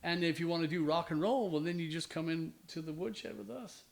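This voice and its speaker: Podcast guy rambling along, keeps restarting, swears offhand, voice a bit on the high side. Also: fairly quick, creaky, a little hiss or hum. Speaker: podcast host, bandmate. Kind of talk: casual chat.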